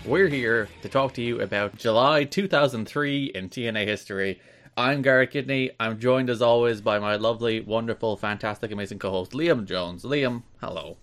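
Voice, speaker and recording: A man's voice: medium pitch, moderate pace, fairly bright tone. Dry-witted male podcast host. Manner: dry teasing banter. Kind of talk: casual chat.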